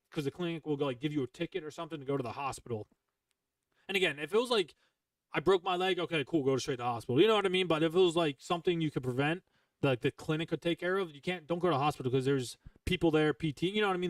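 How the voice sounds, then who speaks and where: A young former Marine sergeant hosts a podcast in a fairly high, fast voice, recorded dry and from some distance to the mic. He tells stories casually and emphatically, with plenty of swearing and fillers.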